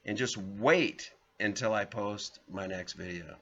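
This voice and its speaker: A man's voice: on the low side, measured pace, a bit bright. A man hosting his own vlog, telling rambling personal stories and talking straight to viewers as folks. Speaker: vlogger, show host. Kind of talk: casual storytelling monologue. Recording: slightly dull lo-fi audio.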